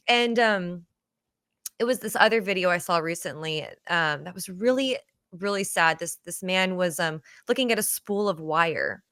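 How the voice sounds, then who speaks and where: A woman's voice: lowish voice, expressive, measured pace, fairly bright tone, no room sound, studio quality. A woman hosting a podcast, telling stories in an earnest, casual way with many fillers like "you know". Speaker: podcast host.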